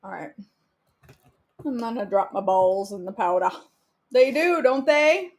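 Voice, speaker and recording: Cooking for her vlog, a woman talks to herself in an expressive, unhurried voice that sits on the high side. She's giggly and keeps up a joking, casual chat.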